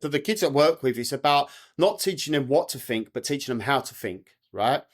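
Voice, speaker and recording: A man's voice: mid-range voice, lively intonation, a little fast. A man working as a mental performance coach, explaining his approach in a casual podcast chat and checking in with "right?".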